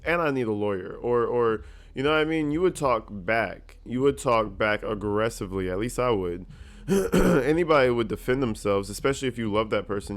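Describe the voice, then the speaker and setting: A man giving casual, joking reaction commentary, peppered with cursing and animated asides. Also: medium pitch, brisk.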